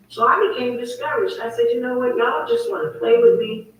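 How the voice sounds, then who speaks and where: A woman's voice: fairly high pitch, expressive, a little fast, heavy reverb, recorded from a distance, low-quality recording. A woman hosting her own online talk show, telling a story in a heated, emphatic, repetitive way. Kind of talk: casual livestream monologue.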